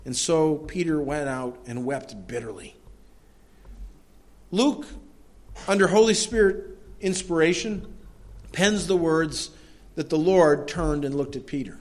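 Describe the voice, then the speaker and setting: A man's voice: fairly high pitch, unhurried. Conversational male pastor preaching. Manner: conversational preaching, many restarts and tag questions; swings from quiet asides to raised emphatic passages. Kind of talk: sermon. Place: church.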